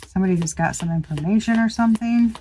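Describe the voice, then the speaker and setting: A woman's voice: medium pitch, fast talker, dark tone, a little hiss or hum, low-quality recording. A woman giving a casual tarot reading to her viewers, chatty and exclamatory, swearing freely and thinking aloud with restarts. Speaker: tarot reader.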